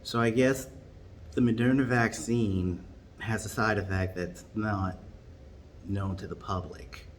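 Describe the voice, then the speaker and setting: A man telling a tall comic story in a rambling, deadpan way. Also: lowish voice, slow pace, slight background noise. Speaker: comedian.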